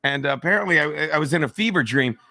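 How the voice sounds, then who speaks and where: A man tells stories in loose, profane banter, often mocking himself. His voice sits a little high and rings bright. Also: expressive, fast talker, dry recording. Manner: profane, rambling and self-mocking. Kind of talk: crude comedic banter.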